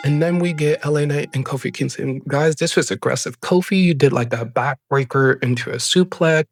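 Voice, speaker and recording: An excitable man runs through a recap at a middling pitch, rambling along and leaning on "like" between thoughts. His voice is close and dry, with no room sound around it. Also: no echo. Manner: chatty, excited, rambling with many "like" fillers. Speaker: show host. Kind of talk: casual wrestling episode recap.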